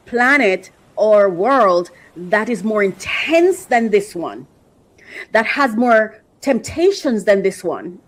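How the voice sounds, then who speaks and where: A woman speaking from the heart on a talk podcast, earnest and reflective, with slow, emphatic stretches and moments where she is moved to emotion. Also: medium pitch, rough recording. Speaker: podcast host. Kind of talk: heartfelt personal monologue.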